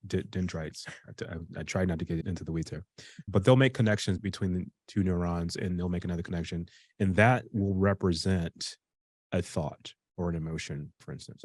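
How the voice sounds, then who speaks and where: Deep-voiced man explaining casually. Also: dark tone, no echo, clean studio sound. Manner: conversational, with frequent restarts and fillers. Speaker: speaker teaching a self-improvement workshop.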